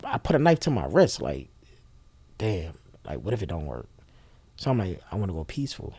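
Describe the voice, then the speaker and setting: A young man with a gravelly, creaky voice tells his story in an interview, blunt and profane and wholly candid. His pitch swings widely as he acts out the people in the story, and the recording sounds dry and close. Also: wildly swooping pitch, fairly quick, mellow, no room sound. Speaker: interview guest.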